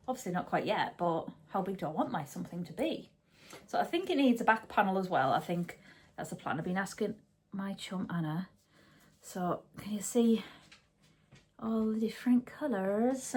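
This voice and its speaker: A woman's voice: medium pitch, darkish tone. A chatty woman talking at home as she hosts a knitting podcast. She rambles, restarts her sentences and corrects herself as she goes. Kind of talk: casual chat.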